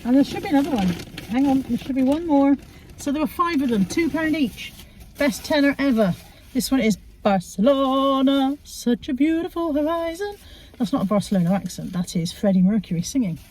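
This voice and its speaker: Her voice sits high, brisk and animated, with a dark, husky tone. She's a middle-aged vlogger chatting from her car, rambling self-deprecatingly through her charity shop haul.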